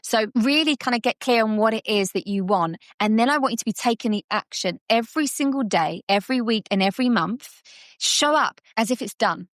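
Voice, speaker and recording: A woman guest on a podcast, a subconscious coach who explains ideas in a lively way and acts out little scenes. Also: fairly high pitch, brisk, no room sound, studio quality. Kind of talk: conversational coaching talk.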